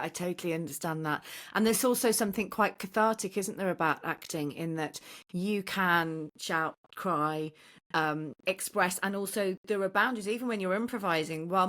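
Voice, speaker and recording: A woman's voice: on the low side, normal speed, a bit bright. A woman in her forties, a podcast guest, reflecting openly in conversation and often seeking agreement with tag questions. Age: 40s. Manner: open, musing, seeks agreement with tag questions.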